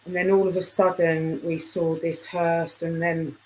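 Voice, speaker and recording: A middle-aged woman hosts a casual live stream, talking unhurriedly in a fairly low voice. She rambles, doubles back and leaves sentences hanging as she chats with her viewers. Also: little pitch movement, a little slow, a little mellow, slight background noise, poor audio. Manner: chatty, rambling, trailing off mid-sentence. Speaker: livestream host.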